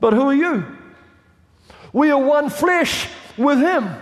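A man preaching a fervent sermon, building up to shouts as he presses his point. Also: very high voice, expressive, takes it slowly, long pauses. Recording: long reverb of a large hall.

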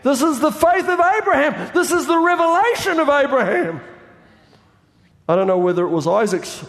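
A man preaching a fervent sermon, building up to shouts as he presses his point. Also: very high voice, expressive, normal speed. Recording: long reverb of a large hall.

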